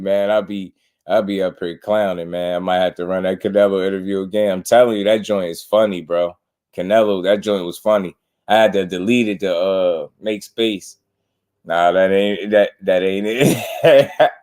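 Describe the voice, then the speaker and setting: Boxing stream host, male, lowish voice, loose slangy banter, laughs a lot while reading chat. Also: a little mellow. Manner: slangy, laughing, riffing on viewer comments. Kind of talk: casual livestream chat.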